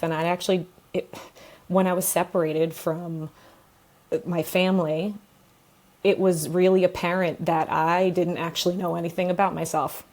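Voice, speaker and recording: Candid, low-voiced woman guest. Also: little pitch movement, a little slow, long pauses, darkish tone. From New York, USA. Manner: open and emotional, laughs often as she talks. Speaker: guest, pelvic floor therapist. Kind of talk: candid interview storytelling.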